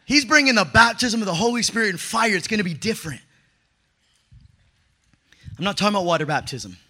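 A man in his thirties preaching a sermon, telling stories in an animated way with casual slang and building up to shouts. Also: high voice, a little fast. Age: 30s.

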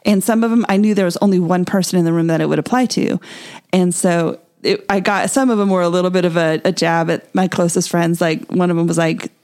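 A woman co-hosting a marriage podcast, explaining a party game in a steady, upbeat way. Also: on the low side, brisk. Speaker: podcast co-host. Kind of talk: casual chat.

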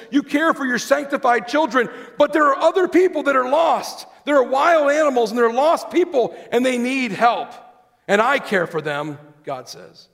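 High-voiced man preaching in an echoing hall. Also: moderate pace, gravelly, fairly bright tone. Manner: reads scripture aloud, asks the congregation questions. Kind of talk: sermon. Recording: long hall reverb.

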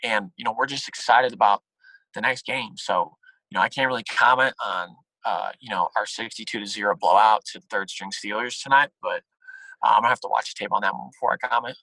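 Guy doing a raspy low football coach, rambly, keeps dodging, dry close sound. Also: brisk, pushed and bright, no echo, rough recording. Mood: evasive. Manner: evasive, rambling press-conference talk. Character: weary middle-aged male football coach.

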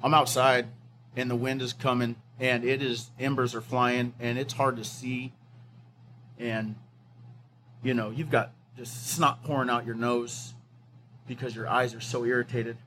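A man's voice: medium pitch, little pitch movement, unhurried, fairly bright tone, a little hiss or hum. A middle-aged man, a fire captain, recounting an evacuation with many fillers and restarts, sometimes acting out the voices of others. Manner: acts out quoted voices of others.

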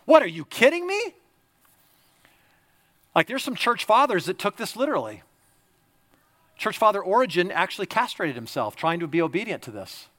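A man preaching from the pulpit in a high, bright voice. He is emphatic, pressing his points hard and then dropping to a quiet, confiding tone. His sound is forceful and ringing. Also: very animated, fairly quick. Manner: emphatic, swings from loud exhortation to quiet confiding. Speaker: pastor. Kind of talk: sermon.

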